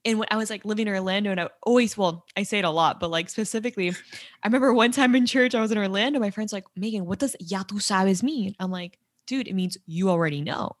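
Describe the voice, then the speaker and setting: A woman in easy, casual conversation, with plenty of "like" and "um" and frequent laughter. Her voice sits at a middle pitch, and it is recorded dry and close with little room sound. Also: quick pace, dry recording. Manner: chatty, laughs often, lots of fillers. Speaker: podcast guest. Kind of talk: casual chat.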